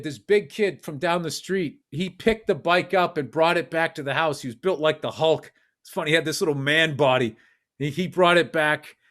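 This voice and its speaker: A middle-aged man co-hosting a podcast, telling animated, profane childhood stories in casual chat. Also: high voice. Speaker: podcast co-host.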